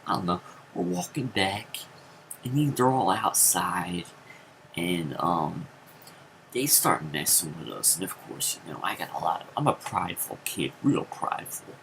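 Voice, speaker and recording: A man telling a rambling story in a casual vlog, with many fillers and sudden jumps into high acted quotes. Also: lively intonation, unhurried, gravelly, a bit bright, slight background noise, rough recording. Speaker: vlogger.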